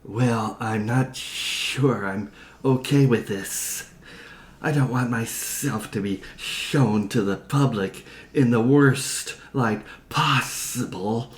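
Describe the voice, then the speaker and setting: A man's voice: medium pitch, slow pace, lightly acted. A man voicing a giant bug turned internet celebrity who sounds wry and a little anxious. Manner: wry, self-conscious, mildly anxious. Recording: roomy echo.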